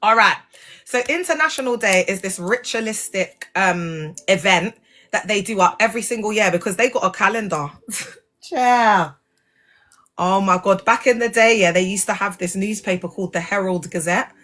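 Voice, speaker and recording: A woman talks straight to her viewers in a loose, slangy livestream. She is animated and direct, and her voice sits at a middle pitch. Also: normal speed. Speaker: livestream host, former church member. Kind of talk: casual livestream commentary.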